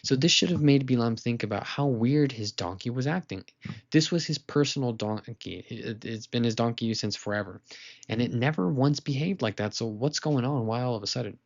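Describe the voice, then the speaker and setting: A man teaching a weekly lesson to children, retelling a story in a lively, casual way with asides to listeners. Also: mid-range voice, normal speed, vocal fry, highs cut off.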